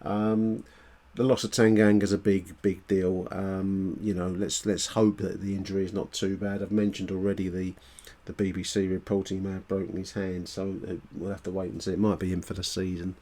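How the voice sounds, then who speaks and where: A man's voice: low voice, level tone, normal speed, mellow. A man hosting a football podcast, chatty and a little hesitant, with frequent ums. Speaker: podcast host. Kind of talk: casual football podcast talk.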